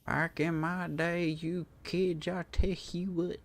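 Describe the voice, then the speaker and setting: A man putting on the voice of a grumpy old man reminiscing about the past, with a slow, drawling delivery. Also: on the high side, flat delivery, pitched above the performer's own voice. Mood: grumbling nostalgic.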